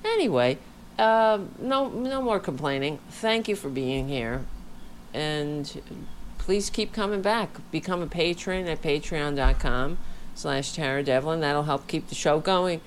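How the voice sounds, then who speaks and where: Tired woman host, low-pitched, casual rambling delivery, home mic, faint room hum behind. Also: expressive, unhurried. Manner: rambling, chatty, candid. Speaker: podcast host. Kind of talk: casual livestream chat. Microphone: home studio microphone.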